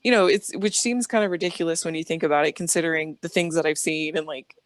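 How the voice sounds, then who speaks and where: Woman guest, low-pitched, chatty and rambling storyteller, dry close sound. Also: steady tone, fast talker, dry recording. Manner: chatty, rambling, acts out dialogue. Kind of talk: casual storytelling interview.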